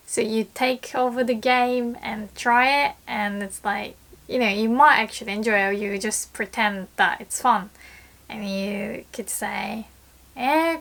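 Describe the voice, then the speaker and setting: A woman teaching Japanese in a casual video lesson, chatty and quick to act out example lines. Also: a little high, fairly bright tone.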